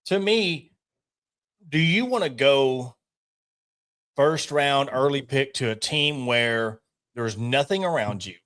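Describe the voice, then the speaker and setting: A man co-hosting a casual sports podcast, animated and opinionated, talking in quick bursts. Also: mid-range voice. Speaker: podcast co-host.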